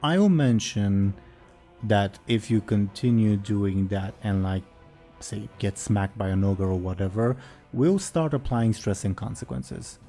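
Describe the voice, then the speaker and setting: Slow, mellow-voiced man running a tabletop game. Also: on the low side, soft background music. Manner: slow narration with fillers. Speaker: game master.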